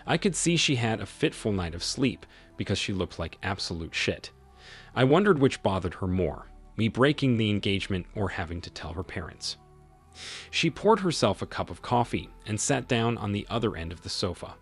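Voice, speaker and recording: A man's voice: fairly low pitch, sing-song, moderate pace, husky, soft background music. A man narrating a first-person story in a wry, bitter way.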